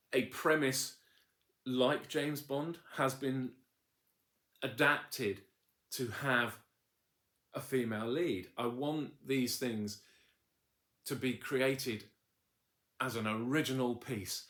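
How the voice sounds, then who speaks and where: A man giving a casual, enthusiastic review, halting with fillers and restarts. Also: medium pitch, a bit bright. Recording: echoey room.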